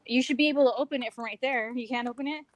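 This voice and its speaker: A woman's voice: high voice, rapid-fire. A woman chatting casually on a show through a phone from her home garage, out of breath, laughing a lot and mocking herself. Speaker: show co-host. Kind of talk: casual chat.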